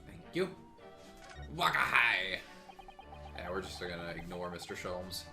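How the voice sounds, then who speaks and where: A man's voice: sits low, level tone, brisk, fairly bright tone, echoey room, faint music behind. A man hosting a let's play, chatting casually and playfully while reading game lines aloud in voices. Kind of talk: casual gameplay commentary.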